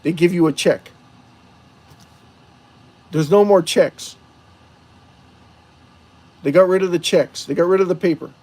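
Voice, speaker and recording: A man's voice: high-pitched, measured pace, long pauses, darkish tone. Rambling male livestream host. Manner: rambling, asks chat rhetorical questions. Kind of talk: casual livestream talk to chat viewers.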